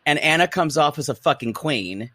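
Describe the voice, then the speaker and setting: A man's voice: a little high, moderate pace, dry recording. A man hosting a podcast in a gossipy, campy casual chat, often restarting his sentences. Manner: animated, campy and gossipy, repeats words when starting. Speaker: podcast host.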